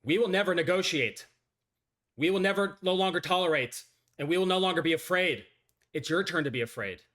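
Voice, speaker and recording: A man playing a defiant male action-movie president, declaiming loud and high above his usual voice. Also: brisk. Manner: shouted, declamatory speech.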